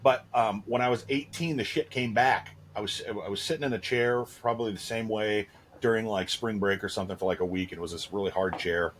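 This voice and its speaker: A man in his thirties with a fairly low voice co-hosts a podcast, speaking a little fast amid slight background noise. In casual chat full of fillers, he tells crude, candid stories.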